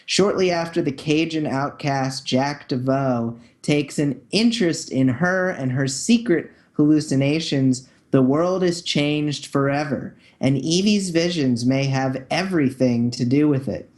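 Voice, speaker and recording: A man hosting a podcast talks in an upbeat, joking way, with a mid-high voice for a man. He often doubles back and repeats a word before finishing his thought. It is relaxed, casual chat into a podcast mic. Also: unhurried, hardly any pauses. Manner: upbeat, jokey, repeats words as he restarts. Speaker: podcast host.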